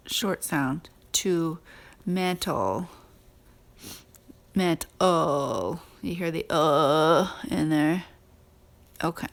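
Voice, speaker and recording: Slow, patient woman teaching spelling. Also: on the low side. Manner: slow, patient, sounding out words. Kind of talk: recorded spelling lesson.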